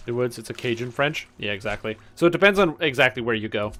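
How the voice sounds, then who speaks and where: A man's voice: medium pitch, lively intonation, fast, fairly bright tone, faint music behind. A man streaming a game, chatting casually and rambling with many fillers. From Canada. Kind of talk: casual gaming chat.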